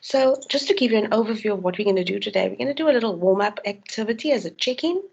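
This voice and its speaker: A woman's voice: medium pitch, animated, fast talker, creaky, darkish tone, breathy edge, muffled recording. A woman from South Africa, a university tutor giving an online tutorial, explaining with frequent ums and restarts.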